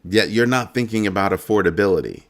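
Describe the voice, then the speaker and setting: Deep-voiced, sarcastic middle-aged man ranting. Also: lively intonation, fast talker. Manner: sarcastic, heated, emphatic. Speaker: finance channel host. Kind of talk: ranting monologue.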